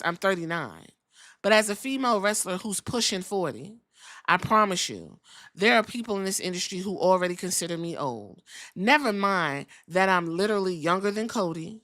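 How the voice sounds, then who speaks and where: Woman podcast host, mid pitch, blunt and profane, animated opinion rant. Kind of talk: opinionated casual commentary.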